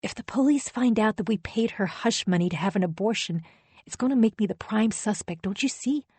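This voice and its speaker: A woman voicing an angry, self-pitying husband who shouts defensively in an audiobook. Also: mid-range voice, a little fast, husky, dry recording, natural voice.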